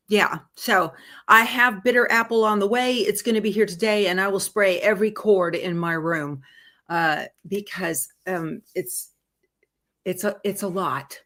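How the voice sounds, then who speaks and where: A woman's voice: mid-range voice, fairly bright tone. A woman hosting a live sewing stream, chatting casually and reading viewer comments aloud. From Texas. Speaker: host of a live sewing show.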